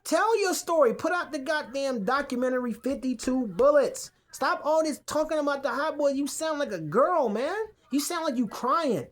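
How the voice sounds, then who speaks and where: A man's voice: very high-pitched, fairly bright tone. A podcast host ranting casually from the couch in his man cave. He curses freely and stumbles over repeated words as his thoughts run on. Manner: profane, rambling, repeats himself. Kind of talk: casual rant to camera.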